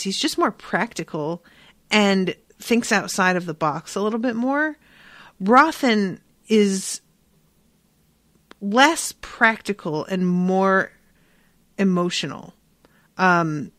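A woman with a medium-pitched voice hosts a book podcast, with no echo on the recording. She talks frankly and casually, swearing and using fillers, and reads passages aloud.

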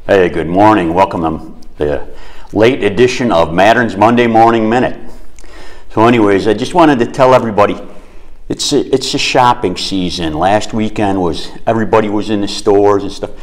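A man's voice: fairly low pitch, normal speed. A man hosting a short school announcement segment, telling a long joke in a casual, rambling way. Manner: rambling, storytelling.

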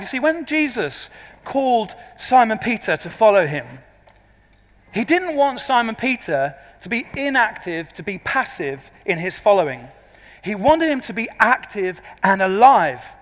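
A man, a pastor preaching to a congregation, an animated and self-deprecating storyteller. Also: sits high. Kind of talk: sermon with humorous storytelling. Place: large church before a congregation. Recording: long reverb of a large church.

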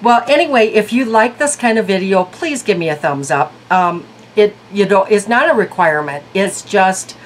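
A woman's voice: medium pitch, animated, moderate pace, few pauses, a little hiss or hum, low-quality recording. A woman reviewing beauty products in a casual vlog, chatty and thinking aloud. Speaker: beauty vlogger.

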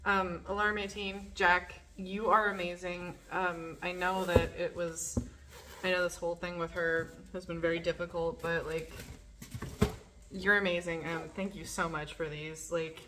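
A woman's voice: on the low side, little pitch movement, unhurried, background noise. A woman chatting casually while unboxing, gushing with breathless exclamations and laughter. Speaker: vlogger. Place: living in a garage.

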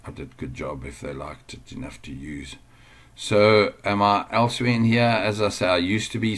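A man's voice: on the low side, a bit bright. A man teaching an online business lesson at home, chatting casually while sharing his screen, digressing often and easily amused. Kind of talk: casual screen-share tutorial.

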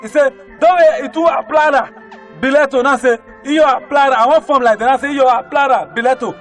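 A man with a Nigerian accent, a comedian telling a funny story in pidgin, animated and sing-song. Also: very high voice, fairly quick, faint music behind. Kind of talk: comic storytelling.

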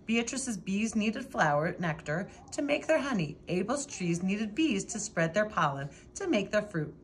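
A woman reading a children's picture book aloud in a lively, expressive way. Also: medium pitch, unhurried, slight background noise. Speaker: storybook reader.

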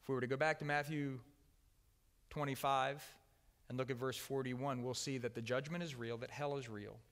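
A man preaching a sermon with earnest emphasis, often dropping to a soft, quiet voice on key words. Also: mid-range voice, fairly even intonation, moderate pace, long reverb tail. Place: church sanctuary.

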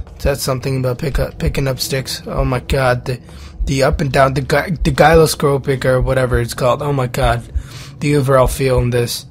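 Young man, sick voice, jumpy horror game commentary, faint hiss. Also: medium pitch. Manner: jumpy, nervous, swearing and yelping at scares. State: sick, rough-sounding voice. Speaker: gaming YouTuber.

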